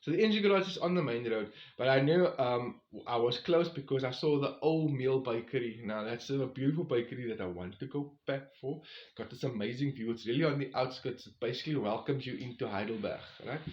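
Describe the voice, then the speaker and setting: A man's voice: mid-range voice, a little fast, darkish tone. A man, rambling through a casual storytime recap of his long walk with lots of fillers and asides. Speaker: vlogger on a long-distance walk. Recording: roomy, slightly dull recording.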